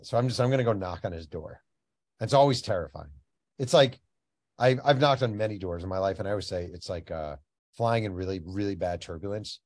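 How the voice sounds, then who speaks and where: Guy author on a podcast, kinda low voice, dry sound, tells stories and plays all the parts. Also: brisk, dry recording. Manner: animated anecdote teller, acts out dialogue. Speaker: author and guest. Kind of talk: casual storytelling interview.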